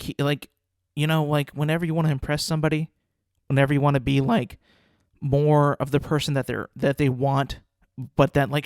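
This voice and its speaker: A man's voice: on the high side, no room sound, studio quality. A young man hosting a casual solo podcast, talking in a rambling, profane, incredulous way. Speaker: podcast host.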